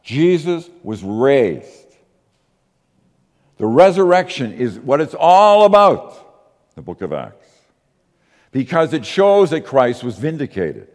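A man preaching a sermon as pastor, emphatic, asking rhetorical questions and slowing to stress key words. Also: mid-range voice, big pitch swings, darkish tone, big-room sound.

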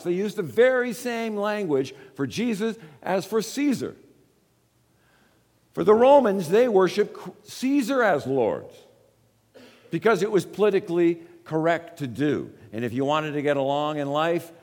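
Earnest pastor preaching in a hall. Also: male voice, a little high, darkish tone. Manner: earnest, repeats words as he builds a point. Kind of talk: sermon. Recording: long reverb of a large hall.

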